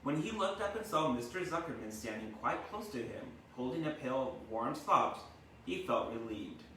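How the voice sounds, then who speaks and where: In an echoey home kitchen with the mic far off, a chatty male teacher reads a storybook aloud to a class. His medium-pitched voice is expressive, a bit bright and moderately paced, with a little hiss or hum. He explains words and tags lines with "right?".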